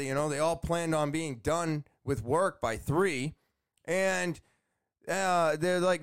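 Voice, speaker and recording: High-voiced man ranting to camera. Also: a little slow, smooth. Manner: animated, exasperated, swears often. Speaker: vlogger telling a story. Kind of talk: casual storytelling to camera. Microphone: camera facing speaker.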